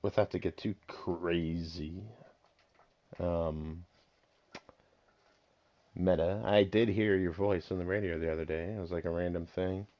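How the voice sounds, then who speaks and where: A man hosting a casual podcast, relaxed and joking, with plenty of ums. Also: sits low. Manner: relaxed, joking, drawn-out fillers. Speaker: podcast host. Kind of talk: casual chat. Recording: dull lo-fi home mic.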